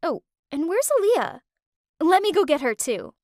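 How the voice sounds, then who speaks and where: Betrayed girlfriend yelling, high voice, a woman doing it. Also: very animated, moderate pace, no echo, studio quality, exaggerated voice. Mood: excited. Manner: shouting, accusing. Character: angry betrayed young woman.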